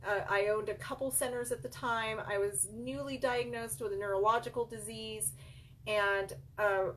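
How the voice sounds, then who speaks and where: A middle-aged woman with a medium-pitched, slightly bright voice, heard over slight background noise, earnestly tells her viewers a personal story. She coaches child care businesses and owns a center, and she calls her audience "you guys."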